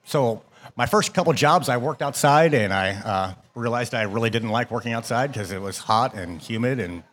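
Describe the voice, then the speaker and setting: A middle-aged restaurant chef from Ohio answers interview questions hesitantly, with frequent ums and restarts. His medium-pitched voice is a bit bright and moves at normal speed.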